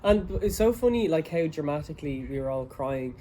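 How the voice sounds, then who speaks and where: A man's voice: on the high side, expressive, mellow, a little hiss or hum. A young Irish man co-hosting a podcast, chatty and laughing in casual conversation. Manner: laughing, chatty, quick asides. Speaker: podcast co-host. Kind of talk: casual chat.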